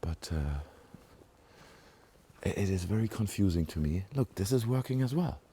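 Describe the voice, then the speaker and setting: A man's voice: deep voice, lively intonation, normal speed, dark tone, slight background noise. A man with a British-sounding accent, chatting casually to viewers as he walks around a village outdoors, rambling with many asides and fillers, recorded on a handheld camera. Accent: British-sounding English. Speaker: vlogger. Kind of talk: casual walking vlog commentary. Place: outdoors in a small rural village. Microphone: handheld camera mic while walking.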